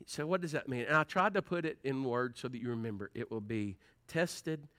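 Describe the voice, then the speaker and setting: A man preaching a sermon, moving between hushed storytelling and fervent, loud delivery. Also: medium pitch, lively intonation, fast. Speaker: pastor.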